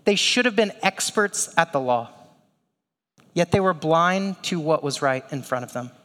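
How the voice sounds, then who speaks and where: A man with a high, light voice preaches a sermon, talking to the congregation in a casual, conversational way and tossing in rhetorical questions. His words ring out with a long reverb, as in a church hall. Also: animated, measured pace, fairly bright tone. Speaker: pastor.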